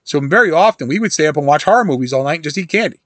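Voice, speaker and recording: A man's voice: fairly high pitch, expressive, racing, fairly bright tone. A middle-aged man with a slightly raised voice talks about a horror film in a loose, chatty monologue. He circles back, restarts his sentences and wanders into side stories. The sound is dry and close, with no room echo. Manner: rambling storyteller, many restarts and asides. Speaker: host reviewing a horror film. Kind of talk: casual monologue.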